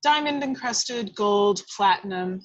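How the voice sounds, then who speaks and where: A woman reading a screenplay's action lines aloud in a measured, expressive way at a table read over a video call. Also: medium pitch, no room sound, poor audio.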